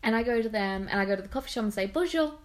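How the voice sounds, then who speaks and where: A woman co-hosting a casual chat, telling stories in a lively, anecdotal way. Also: medium pitch, rapid-fire.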